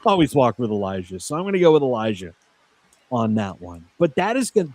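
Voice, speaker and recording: A man's voice: medium pitch, very animated, fairly quick, a little mellow. A man hosting a casual podcast, running down lists of matches with frequent "uh" fillers. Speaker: podcast host. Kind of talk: casual wrestling podcast chat.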